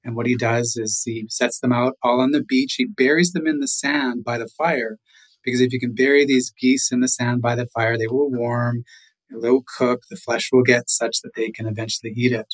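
A man's voice: medium pitch, steady tone, poor audio. Middle-aged man telling a legend. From Canada. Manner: unhurried, with chuckles and "you know" asides. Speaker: guest storyteller. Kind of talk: oral storytelling.

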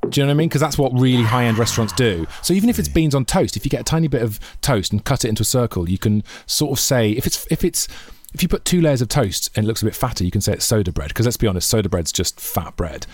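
A man co-hosts a radio show and riffs with his guests. He talks fast, and his pitch leaps up and down as he jokes. The chat stays loose and playful. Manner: jokey, lively. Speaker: radio co-host.

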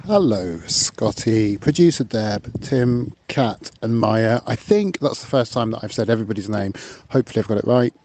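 A man's voice: fairly low pitch, expressive, normal speed, darkish tone, slight background noise. A man leaving a chatty voice message for a podcast, a little unsure of himself. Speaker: caller.

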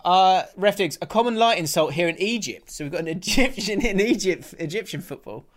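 Guy cohosting a footy podcast, reads out listener messages, laughs loads, bit higher voice. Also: animated, fairly quick. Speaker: podcast co-host. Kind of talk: casual chat.

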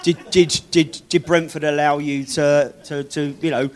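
A man's voice: a little high, flat delivery, measured pace, a crowd in the background. A man asking a question in a casual interview, hesitant and stammering with repeated words.

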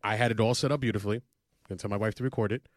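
A man co-hosting a casual podcast, loud and animated, rambling through stories with plenty of "like"s. He talks fast, and the studio sound is dry and close. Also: on the low side, dry recording. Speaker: podcast co-host. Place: podcast studio in New York.

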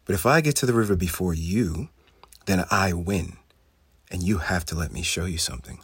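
Storybook: little goblin boy, gentle and friendly, quick and cheery, voiced by a man. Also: low voice, expressive, slightly rough, no echo, full character voice. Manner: soft, friendly.

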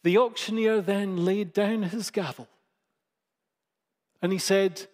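A man preaching a sermon, slow and emphatic, with dramatic pauses. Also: high-pitched, steady tone, darkish tone, long reverb tail.

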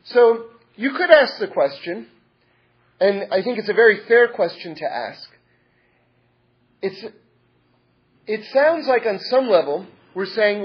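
High, husky man telling stories earnestly. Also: expressive, slow, long pauses. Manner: repetitive, earnest, stacks adjectives. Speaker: religious teacher. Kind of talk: storytelling talk. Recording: dull lo-fi recording.

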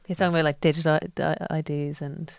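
A woman co-hosting a podcast, chatting casually with relaxed, brief answers. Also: low voice, fast talker, creaky, clean tone, no room sound. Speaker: podcast co-host.

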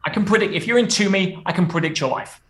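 A man's voice: high voice, fast talker, roomy sound. A man speaking as a guest coach in a podcast interview, emphatic and full of rhetorical questions.

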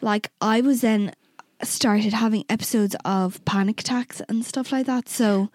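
A young woman with a fairly high voice, a podcast co-host, shares a personal story in relaxed chat at a measured pace. She's candid, swears freely and acts out both sides of the conversations she remembers. The sound is close and dry, with no echo.

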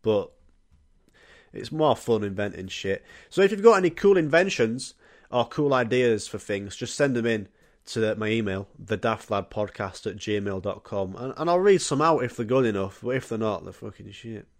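A man's voice: fairly low pitch, lively intonation, moderate pace. A young man, hosting a solo comedy podcast in a rambling, jokey, sweary way. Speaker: podcast host.

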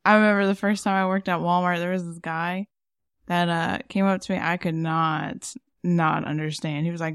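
A podcast co-host chats casually, rambling along with lots of fillers. Her voice is fairly low in pitch with little pitch movement, a moderate pace, and a clear, resonant tone, in a dry recording with clean studio sound.

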